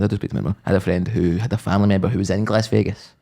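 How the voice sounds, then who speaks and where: A man in his thirties with a lowish voice and a gravelly, creaky edge, co-hosting a podcast. He talks in a loose, joking way, rambles through stories and now and then sings a line. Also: fairly even intonation, quick pace, hardly any pauses, mellow. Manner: joking, rambling storyteller who breaks into sung bits. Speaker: podcast co-host. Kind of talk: casual chat.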